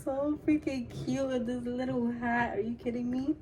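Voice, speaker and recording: A woman's voice: a little high, steady tone, measured pace, hardly any pauses, mellow, slightly rough, lo-fi sound. A young adult woman vlogger in casual chat at home, gushing and slangy as she talks straight to her viewers.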